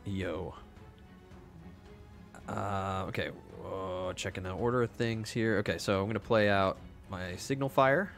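Low-voiced man narrating card-game moves. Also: measured pace, a bit bright, faint music behind. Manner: playful, teasing, narrates his moves aloud. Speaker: podcast co-host playing a card game. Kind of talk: casual game-play banter.

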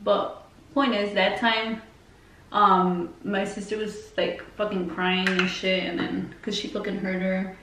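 A woman's voice: medium pitch, level tone, a little slow, a bit bright. A woman vlogger telling a story casually, rambling with lots of fillers and swearing. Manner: rambling and heavily profane, full of fillers. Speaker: beauty vlogger. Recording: roomy, distant mic, faint noise.

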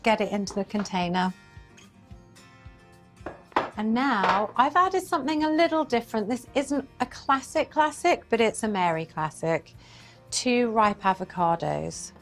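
A woman hosting a cooking show, chatting enthusiastically as she cooks and then asking quick-fire interview questions. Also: fairly high pitch.

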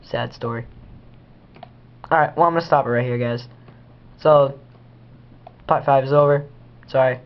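A teenage boy gives loose, goofy gameplay commentary, rambling on and talking to himself. His voice sits at an ordinary middle pitch for a guy. The lo-fi home recording sounds dull, with faint typing in the background. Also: steady tone, measured pace, pauses often, slight background noise. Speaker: gamer.

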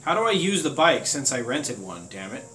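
A man hosting a let's play, talking loudly and excitably and swearing a lot as he plays. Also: medium pitch, normal speed. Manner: loud, excitable, heavy swearing. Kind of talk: gaming commentary. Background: game music.

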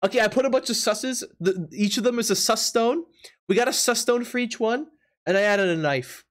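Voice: mid-range voice, fairly quick. A live-stream host reacting to drawings, laughing often and disbelieving, tripping over repeated words. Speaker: Twitch streamer.

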